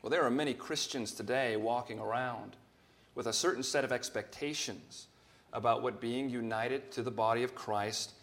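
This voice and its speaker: Guy preaching a sermon in church, earnest, gets louder when he quotes scripture, regular mid voice. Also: mid-range voice, moderate pace. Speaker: pastor.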